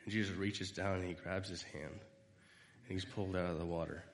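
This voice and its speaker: A man's voice: low-pitched, fairly even intonation, normal speed, long reverb tail. A man giving an informal sermon, rambling through personal stories and acting out quoted lines. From United States. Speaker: speaker giving a devotional talk.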